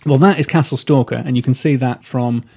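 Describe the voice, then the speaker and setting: A man's voice: mid-range voice, fairly even intonation, brisk, creaky, darkish tone, husky. A young man who is a comedian guest, chatting casually in a rambling, self-deprecating way with many restarts. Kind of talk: casual live chat.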